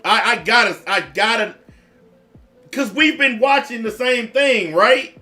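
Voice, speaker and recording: A man's voice: extremely high pitch, animated, unhurried, pushed and bright, soft background music. A man giving blunt, profane reaction commentary in a repetitive rant.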